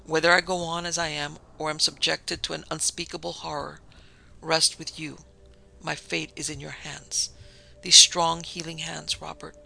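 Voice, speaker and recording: A woman's voice: deep voice, little pitch movement, moderate pace, gravelly, sharp tone, faint music behind, full character voice. A man reading the part of an anguished noblewoman who pleads formally and tragically with her old love. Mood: pleading.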